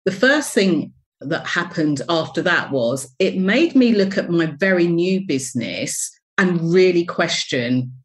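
A woman with a fairly low voice tells her story as an interview guest. She speaks candidly and expressively. Her tone is reflective. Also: expressive, unhurried. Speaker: interview guest, business coach.

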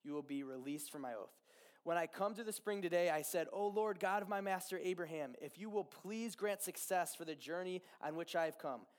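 In a high-pitched voice, a young man gives a laid-back, spirited sermon retelling a Bible story, with fillers, tangents and snappy acted-out lines of dialogue.

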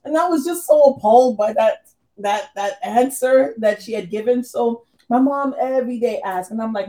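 A woman with a mellow, warm voice shares a family story in a relaxed faith conversation. She tells it in an animated way, acting out what her relatives said. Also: on the high side, normal speed, low-quality recording. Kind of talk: casual faith chat, storytelling.

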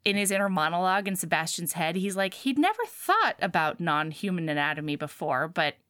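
A woman casually retelling a book's plot, acting out the characters' lines in quick bursts. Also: on the low side, dry recording, clean studio sound. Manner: animated retelling, acts out dialogue. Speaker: podcast co-host. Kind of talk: casual book chat.

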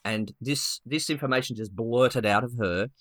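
A man co-hosting a podcast, telling a story in a lively, casual way with many restarts and acted-out quotes. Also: medium pitch, moderate pace, dry recording, studio quality. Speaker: podcast co-host.

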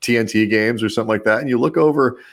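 A man's voice: medium pitch, racing, gravelly. A man hosting a radio podcast in loose, casual chat, laughing easily. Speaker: host.

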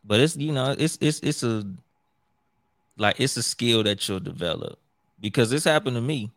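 A man's voice: mid-range voice, expressive, moderate pace, fairly bright tone, dry recording, studio quality. A man who hosts his own show, chatting casually in a profane, rambling way with many restarts. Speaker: podcast host. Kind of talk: casual chat.

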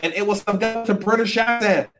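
A man's voice: high voice, fast, music in the background. Man ranting animatedly on a livestream. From California. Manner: animated ranting, sarcastic, emphatic. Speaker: podcast host and guest co-host. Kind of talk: casual livestream chat.

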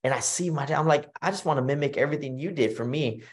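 A man with a Texan accent, a retired boxer and guest on a podcast, telling personal stories in a casual, animated way, often acting out what others said and restarting his sentences. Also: on the high side, fast. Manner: animated storytelling, acts out quoted voices, frequent fillers and restarts. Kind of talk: storytelling in casual conversation.

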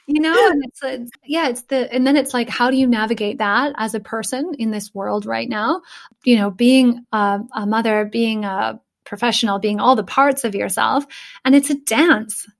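A woman's voice: fairly high pitch, normal speed, creaky. A woman speaking earnestly and emotionally in a casual podcast conversation, thinking aloud with many fillers.

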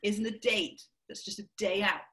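A woman's voice: medium pitch, steady tone, normal speed, pushed and bright. A woman comedian, a guest in a casual podcast chat, who talks playfully and teases her host. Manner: playful, teasing, laughs often.

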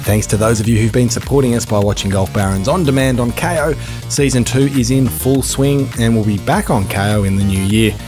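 A man's voice: medium pitch, fairly quick. A man hosting a podcast, chatting casually and interjecting with light laughter. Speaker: podcast host. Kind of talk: casual chat and scripted sign-off. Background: music.

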